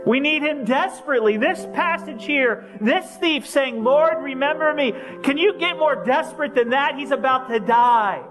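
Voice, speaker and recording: A man's voice: very high voice, normal speed, hardly any pauses, over music. A man preaching an earnest sermon as pastor, with emphatic repetition and direct questions to his listeners.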